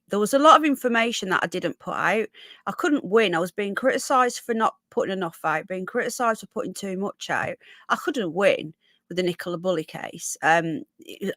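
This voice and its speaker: A woman's voice: on the low side, a bit bright, no room sound. Woman streamer, rambling casual chat, dry close sound at home. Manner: chatty, rambling, self-interrupting. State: coughing. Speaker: livestream host. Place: home room.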